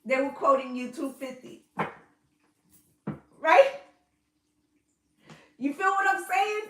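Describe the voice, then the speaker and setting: Lady doing a casual tarot reading, pretty high voice, swears a lot, keeps saying okay? right?, echoey room. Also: expressive, slow pace, a bit bright. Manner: chatty, swears freely, coaxing asides like "okay?" and "right?". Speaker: intuitive tarot reader. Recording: roomy echo.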